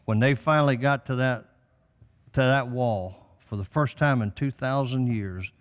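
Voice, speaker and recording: A man's voice: mid-range voice, unhurried, in a large hall. An older man, a guest on a talk show, speaking with emphatic, preacherly conviction about faith and prophecy. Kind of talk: impassioned religious talk.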